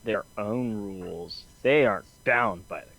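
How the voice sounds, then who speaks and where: A man on a livestream panel, explaining things quickly and casually. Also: lowish voice, gravelly, fairly bright tone, low-quality recording.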